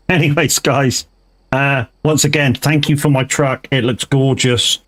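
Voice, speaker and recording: A man's voice: mid-range voice, fairly even intonation, takes it slowly, fairly bright tone, slight background noise. Chatty man streaming a truck game. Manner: chatty, swears freely, laughs often. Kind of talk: casual live-stream chat while driving.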